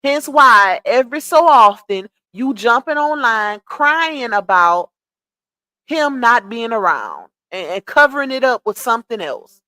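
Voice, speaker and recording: Woman with a high voice going off on a livestream, blunt and scolding, dry close sound. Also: sing-song, a little slow, pushed and bright, no room sound. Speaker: livestream commentator. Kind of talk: casual gossip commentary.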